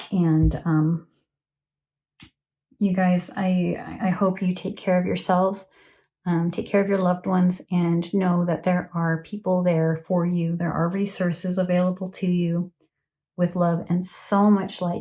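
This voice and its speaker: Speaking into a phone camera, a tarot reader with a warm, lowish voice offers an earnest, chatty reading, punctuated by ums and a checking "okay?". She sounds emotional, near tears.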